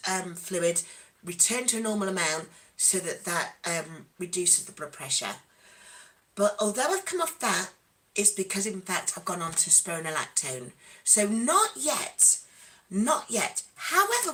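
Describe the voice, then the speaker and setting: A woman hosting a live question-and-answer stream, chatting in a rambling, animated way with many asides. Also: medium pitch, poor audio. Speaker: stream host. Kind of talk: casual live Q&A chat.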